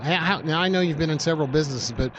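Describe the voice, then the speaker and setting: A man calling a high school basketball game, rattling off stats and teasing his partner. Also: fairly bright tone, slight background noise, poor audio. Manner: teasing banter, brisk stat rundowns. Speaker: basketball play-by-play announcer. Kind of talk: live game commentary.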